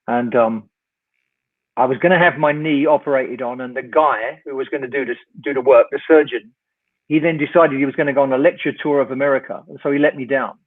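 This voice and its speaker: Wry older raconteur on a tinny call. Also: male voice, mid-range voice, brisk. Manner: lively raconteur, wry, acts out the dialogue. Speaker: guest, rock singer. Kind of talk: storytelling anecdote in an interview. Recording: tinny phone-like line.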